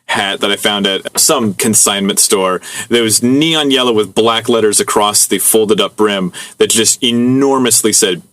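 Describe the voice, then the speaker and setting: Low-voiced man rambling in casual chat. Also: unhurried, hardly any pauses, fairly bright tone. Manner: rambling, musing, laughs between thoughts. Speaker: podcast co-host. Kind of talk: casual chat, reading listener stories.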